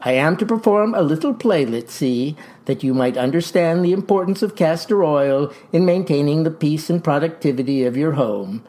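An actor playing a folksy farmer pitching a tonic in a comic ad, with verbose, showman's patter. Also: lively intonation, normal speed, hardly any pauses, dark tone, natural voice. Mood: boastful pitch. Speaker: pitchman in a mock radio ad. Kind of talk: comic radio ad acting.

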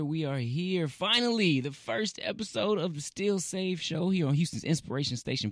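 A man hosting a radio talk show with boundless enthusiasm and a lively, swinging pitch. He repeats words for emphasis and laughs easily. His voice sounds close and dry, with no room around it. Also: dry recording. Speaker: host.

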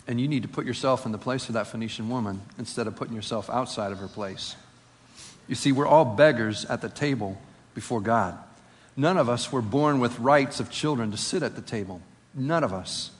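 A man's voice: mid-range voice, normal speed. Man preaching in a reverberant hall. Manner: reads scripture aloud, then explains it in a conversational way with rhetorical questions. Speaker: pastor. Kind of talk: sermon with scripture reading. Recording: long reverb of a large hall.

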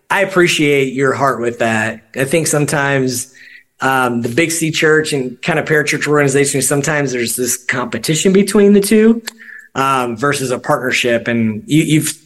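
A man hosting a church podcast, a pastor talking in an earnest, halting way with many fillers. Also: medium pitch, fairly bright tone. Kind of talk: podcast interview sign-off.

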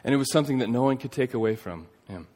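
A man in his thirties preaching a sermon, telling a story earnestly, rising to emphatic points and dropping to a hush. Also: mid-range voice, animated, racing. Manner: earnest storytelling, swings between emphatic and hushed. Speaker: pastor. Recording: long reverb of a large hall.

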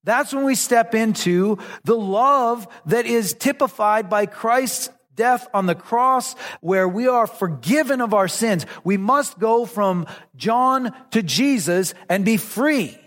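Earnest high-voiced preacher with reverb. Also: male voice, a bit bright. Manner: earnest, emphatic, conversational preaching. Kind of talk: sermon.

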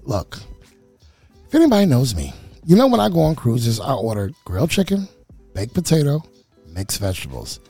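A man's voice: mid-range voice, wildly swooping pitch, normal speed, pauses often, dark tone, slightly rough, no echo, soft background music. A man co-hosting a casual radio chat show, chatty and emphatic, who repeats himself for effect. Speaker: co-host.

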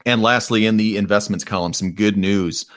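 A man's voice: lowish voice, steady tone, moderate pace, dry recording, clean studio sound. A man from the Detroit area hosting a podcast segment, giving casual, opinionated commentary on economic news with frequent ums. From Metro Detroit, USA. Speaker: podcast host.

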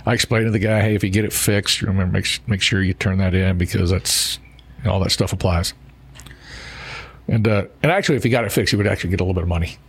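A man's voice: low-pitched, quick pace, slightly rough. A jovial man who works as an insurance adjuster, rambling through stories in a casual podcast chat. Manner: jovial, rambling, full of fillers.

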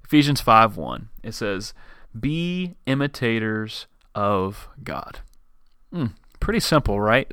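Smooth-voiced American podcast host. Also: male voice, mid-range voice, fairly bright tone, no room sound, clean studio sound. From United States. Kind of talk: podcast outro with devotional.

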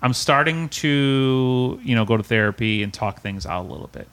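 A man's voice: medium pitch, normal speed, fairly bright tone, clean tone. A man telling his own story as a podcast guest. He speaks earnestly and emotionally, restarting often and repeating words. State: close to tears at times. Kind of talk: personal storytelling in an interview.

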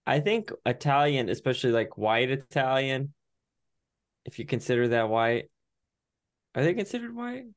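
A man's voice: medium pitch, expressive, moderate pace, pauses often. Easygoing teasing male podcast co-host. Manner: easygoing, teasing, chuckles often. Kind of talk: casual chat.

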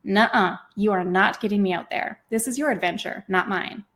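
A woman's voice: medium pitch, normal speed, a bit bright, lightly acted. A woman reading aloud, voicing an upbeat, pushy young woman friend who talks cheerfully and coaxingly. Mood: teasing.

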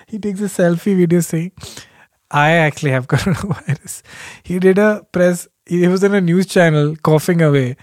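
A man's voice: fairly high pitch, dry recording, clean studio sound. A man hosting a podcast alone, rambling casually with self-deprecating asides and frequent chuckles. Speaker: podcast host. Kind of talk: casual solo podcast chat.

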